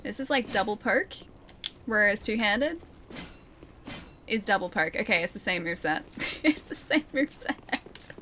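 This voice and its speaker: A woman's voice: medium pitch, expressive, a little slow, long pauses, pushed and bright, a little hiss or hum, low-quality recording. A woman streaming a video game, chatting and giggling with her viewers as she plays. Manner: chatty, giggly, talks to chat while playing. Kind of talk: casual gameplay commentary. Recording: game music playing behind.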